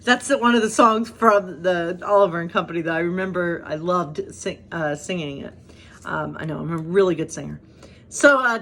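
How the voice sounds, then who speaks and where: A woman's voice: on the low side, fairly bright tone. Chatty woman pastor reading bedtime stories. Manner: chatty, rambling asides. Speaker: pastor, storyteller.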